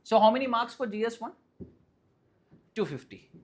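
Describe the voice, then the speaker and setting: A teacher with an Indian English accent giving a live classroom lecture, often asking the class questions and checking that they follow, and repeating key points slowly and firmly. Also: mid-range voice, expressive. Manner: keeps quizzing the class and checking understanding. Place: classroom with students present.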